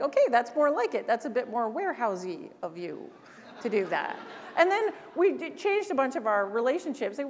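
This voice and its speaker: A woman from Canada giving an animated storytelling keynote on a conference stage, often acting out other people's voices. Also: high voice. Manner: animated, acts out quoted voices. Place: large conference hall. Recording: long hall reverb.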